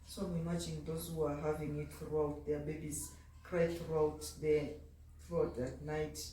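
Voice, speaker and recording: A woman's voice: sits low, level tone, moderate pace, dark tone, slight background noise. A woman, a mother, chatting casually in a home vlog, sounding tired and talking to her baby in between. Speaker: vlogger and mother. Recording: echoey room, mic at a distance.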